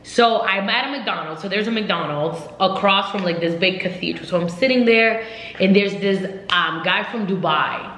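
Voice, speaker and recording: A woman's voice: mid-range voice, normal speed. Chatty young woman in an echoey room. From United States. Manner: rambling, filler-heavy, lively retelling. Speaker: vlogger. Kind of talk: casual storytime chat. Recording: roomy echo.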